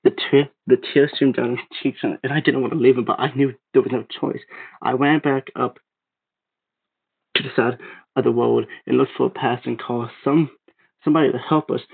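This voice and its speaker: A man reading a creepypasta aloud, steady but stumbling and restarting now and then. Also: mid-range voice, moderate pace, vocal fry, breathy edge. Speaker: narrator. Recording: tinny phone-like sound.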